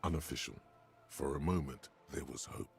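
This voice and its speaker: A brooding inner-voice narrator with an extremely low, rumbling voice. The tone is gravelly and full of fry, every phrase weighed slowly. It plays like a grim game narrator. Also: male voice, soft background music. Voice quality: gravelly, very deep. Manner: slow, grave, portentous. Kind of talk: game voice acting.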